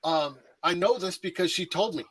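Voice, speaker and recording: A man's voice: high-pitched, crowd noise, low-quality recording. A married man chatting as a guest on a talk show, joking about himself. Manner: self-mocking, laughing, quick quips. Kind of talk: casual chat.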